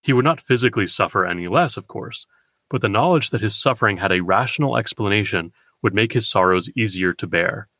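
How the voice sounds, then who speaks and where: A man hosting a poetry podcast, giving a scripted, measured lecture and slowing down to read verse. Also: fairly low pitch, animated, bright, forceful tone, no room sound. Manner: measured, deliberate, slows for quoted verse.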